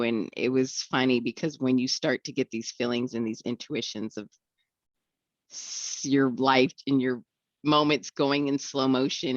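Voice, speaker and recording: A woman's voice: extremely low pitch, no echo, highs cut off. A young woman tells her recovery story in a candid way, acting out the voices of the people she quotes and often laughing.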